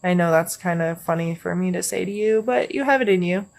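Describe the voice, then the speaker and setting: A woman giving a casual tarot card reading, talking gently and meandering with many fillers. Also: fairly low pitch, a little fast, gravelly. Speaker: tarot reader.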